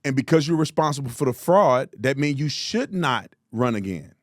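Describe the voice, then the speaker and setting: A man's voice: mid-range voice, expressive, moderate pace, no room sound, studio quality. A man hosting a political commentary show, mocking and exasperated, repeating words for emphasis.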